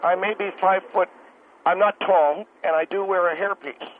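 A man's voice: high voice, fairly even intonation, moderate pace, lightly acted. A man voicing a short, wealthy grocery owner who stammers and makes excuses, heard over a phone line. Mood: defensive. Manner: stammering, self-justifying. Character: short wealthy male grocery owner in a hairpiece, defensive and leering. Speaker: store owner on a call-in show.

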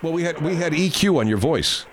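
A man's voice: fairly high pitch, expressive, brisk, crowd noise. A man hosting a podcast pre-show, rambling casually, swearing and checking his sound levels. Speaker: podcast host.

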